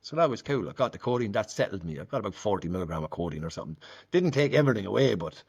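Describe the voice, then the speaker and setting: A man's voice: on the low side, expressive, racing, darkish tone, breathy edge, lo-fi sound. A man in conversation, candidly recounting his recovery story and acting out the dialogue in it. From Ireland. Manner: candid, frequent "like" fillers, acts out quoted dialogue. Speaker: guest sharing recovery story.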